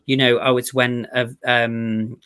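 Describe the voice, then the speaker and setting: A man's voice: medium pitch, level tone, a little slow, a bit bright, smooth, no room sound, studio quality. A man hosting a casual review chat, rambling and enthusiastic, with lots of "like" and restarts. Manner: chatty and rambling, full of "like" and restarts; enthusiastic, gushing about favorites. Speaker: podcast host reviewing a TV series.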